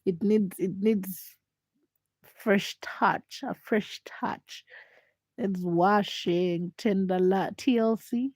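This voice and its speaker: Sick young woman, froggy hoarse voice, stuffy nose, teasing late-night stream chat, dry sound. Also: steady tone, drawn-out words, darkish tone, no room sound. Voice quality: deep, froggy voice. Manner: chatty, teasing, pleading with viewers to comment. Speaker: livestream host. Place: her home at night.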